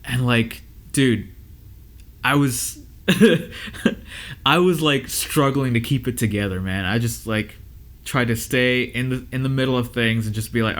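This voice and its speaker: A young adult man, an audio engineer, talking candidly to camera, giving advice and telling a rough story with lots of fillers and restarts. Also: medium pitch, a little slow, fairly bright tone. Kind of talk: casual advice talk to camera.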